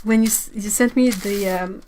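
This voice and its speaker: A woman's voice: mid-range voice, fairly even intonation, normal speed, dark tone, slight background noise. A young woman, hosting a casual livestream chat, musing aloud and sounding out words with frequent laughs. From Quebec, Canada. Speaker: livestream host, artist.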